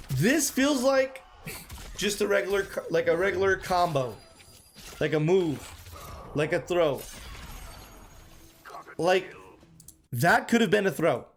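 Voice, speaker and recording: A man's voice: sits high, animated, unhurried, pauses often, slight background noise. A man streaming live, giving casual, emphatic commentary and repeating his points, often calling the chat "bro".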